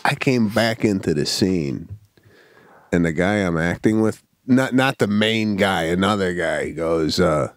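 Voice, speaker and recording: A man co-hosting a casual comedy podcast, telling a story in an animated, exasperated way with lots of restarts. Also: deep voice, measured pace, no echo, clean studio sound. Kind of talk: casual chat.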